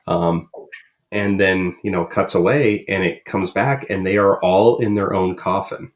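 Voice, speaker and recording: A man's voice: sits low, steady tone, normal speed. A man co-hosting a podcast in casual chat, rambling with many ums and uhs. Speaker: podcast co-host.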